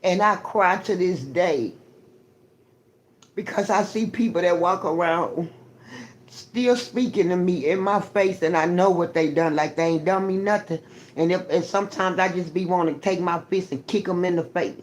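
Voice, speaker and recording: A woman's voice: on the low side, moderate pace, a little hiss or hum. A woman on a live stream giving an emphatic, profane, preaching testimony and greeting her chat viewers by name. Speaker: livestreamer.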